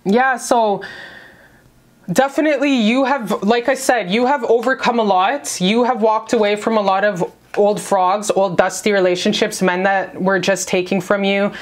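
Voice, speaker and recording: A woman's voice: mid-range voice, fairly even intonation, normal speed. A woman giving a casual spiritual love reading to camera, brash and profane, hyping up the viewer. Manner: brash, profane, hyped-up pep talk. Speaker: tarot reader.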